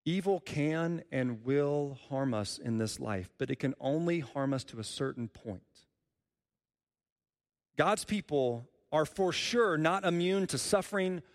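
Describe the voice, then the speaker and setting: A man's voice: fairly high pitch, lively intonation, measured pace, long reverb tail. A man preaching a sermon as a pastor, earnest and repeating key phrases for emphasis.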